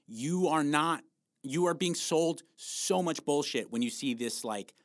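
A man's voice: a little high, lively intonation, a little slow, dry recording, clean studio sound. A man giving a blunt, profane motivational talk about fat loss, coaching his listeners and urging them on with emphatic encouragement.

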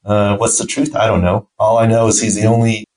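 Low-pitched guy telling a funny work story on his podcast, does little voices for the quotes. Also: a little fast, poor audio. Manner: animated anecdote-telling, acts out quoted voices. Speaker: podcast host, team doctor. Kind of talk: casual storytelling.

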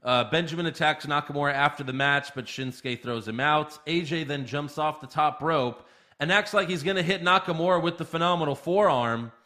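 Blunt, bright-voiced male podcast host. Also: fairly high pitch. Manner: blunt, profane, recaps with quick jokes. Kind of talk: casual wrestling recap chat.

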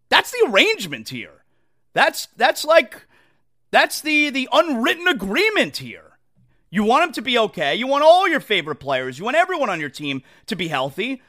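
A man hosting a sports talk show, ranting in an exasperated, animated way and mocking what others say. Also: very high voice. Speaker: sports radio host. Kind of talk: opinionated sports talk rant.

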